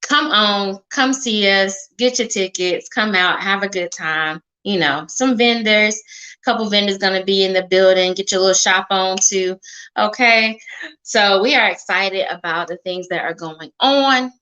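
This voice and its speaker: A woman's voice: mid-range voice, unhurried, pushed and bright, low-quality recording. A woman hosting a live-stream talk show, chatty, hyping up her viewers and saying okay and y'all often. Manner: chatty, hypes the audience, says y'all and okay a lot. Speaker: show host.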